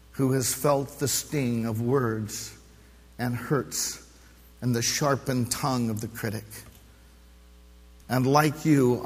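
A middle-aged male pastor preaching a sermon, impassioned, rising to loud emphatic peaks and dropping to hushed low passages. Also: husky. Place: church sanctuary during a service. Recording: long reverb of a large church hall.

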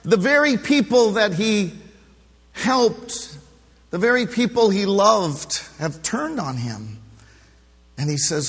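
A middle-aged male pastor preaching a sermon, impassioned, rising to loud emphatic peaks and dropping to hushed low passages. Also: unhurried, breathy edge. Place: church sanctuary during a service. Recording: long reverb of a large church hall.

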